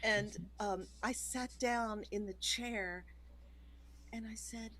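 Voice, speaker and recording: A woman's voice: fairly high pitch, fairly even intonation, slow pace, a bit bright, poor audio. A woman songwriter, a guest in a casual interview, speaking in a folksy, emphatic way.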